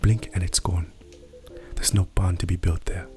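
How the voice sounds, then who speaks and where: A man's voice: deep voice, little pitch movement, moderate pace, over music, close to an everyday voice. A man voicing a vain, world-weary male vampire in a whispered role-play, with a put-on European-style accent.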